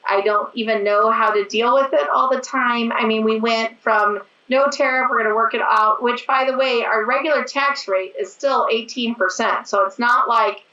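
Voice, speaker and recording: A raspy, hoarse woman in her forties, a business owner talking as a guest in a quick, chatty way. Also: a little high, fairly even intonation, bright, forceful tone. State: hoarse from overuse. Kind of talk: casual interview chat. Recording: echoey, distant, dull sound.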